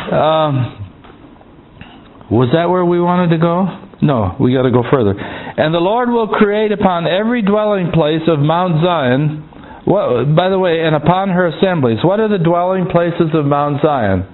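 A man with a somewhat high voice leads a Bible-study sermon. He stops and restarts often and keeps checking in with "Amen?". The sound is narrow and tinny, like a phone line. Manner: halting, repeats words, calls "Amen?" to the congregation. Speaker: preacher.

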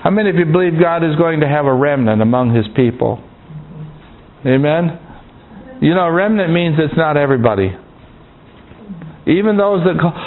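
Halting preacher man on a tinny line. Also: fairly high pitch. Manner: halting, repeats words, calls "Amen?" to the congregation. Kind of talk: Bible-study sermon.

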